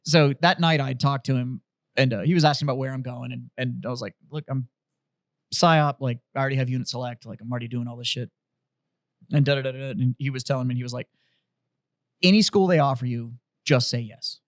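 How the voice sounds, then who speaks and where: Male podcast host, profane animated storyteller, mid-pitched voice, dry close sound. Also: fast talker, dry recording. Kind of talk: casual chat, storytelling.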